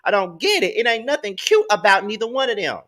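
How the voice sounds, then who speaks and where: A man's voice: high voice, sing-song, fast talker, pushed and bright. A man hosting a gossip commentary show, ranting in a blunt, slangy, exasperated way. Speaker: host. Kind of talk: casual commentary rant.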